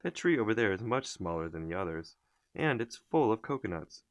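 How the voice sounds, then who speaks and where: A man voicing an excited young boy in a storybook. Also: on the low side, fairly quick, dry recording.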